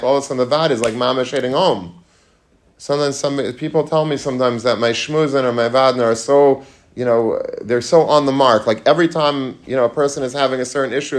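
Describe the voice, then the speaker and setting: A man giving an informal Torah lecture to students, chatty and full of questions to the room, mixing in Hebrew and Yiddish terms. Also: medium pitch. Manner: conversational, asks the audience questions, mixes Hebrew and Yiddish terms. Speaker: rabbi giving a talk to students. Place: room with a live audience.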